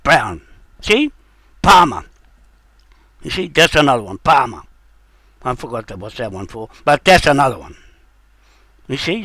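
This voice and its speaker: An older man holds forth in an indignant, accusing monologue, circling back to the same points. His voice sits high and swings widely in pitch. The sound is dry and close, with no room around it. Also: a bit bright, dry recording. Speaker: self-styled sovereignty advocate. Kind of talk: rambling monologue.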